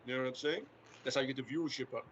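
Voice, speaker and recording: A man's voice: mid-range voice, steady tone, very fast, a bit bright, dull audio, a little hiss or hum. A man hosting a stream, rambling casually about wrestling storylines and tagging sentences with "right?" and "you know what I'm saying?". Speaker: stream host.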